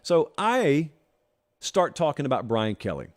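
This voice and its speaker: A man hosting a sports talk show, talking straight to his viewers in an animated, sarcastic monologue. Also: a little high, a little slow. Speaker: host.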